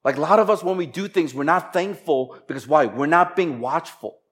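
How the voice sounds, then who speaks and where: A man preaching as a pastor, moving from slow, emphatic scripture reading into a chatty, laughing personal story. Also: fairly high pitch. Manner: conversational, animated storytelling with laughs and quoted voices.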